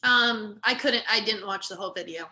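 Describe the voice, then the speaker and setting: A woman guest speaking hesitantly, with many pauses. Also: medium pitch, bright, forceful tone.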